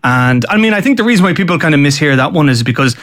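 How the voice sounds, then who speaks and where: A man's voice: a little high, lively intonation, fast talker, fairly bright tone. Chatty man rambling about films. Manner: chatty, rambling, heavy on "like" fillers. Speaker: radio co-host discussing films. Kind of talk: casual radio chat.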